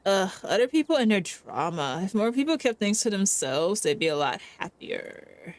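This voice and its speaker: A woman voicing a gruff, irritable young woman cousin in a story game. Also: mid-range voice, big pitch swings, moderate pace, natural voice. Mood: grumpy. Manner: dismissive, irritable.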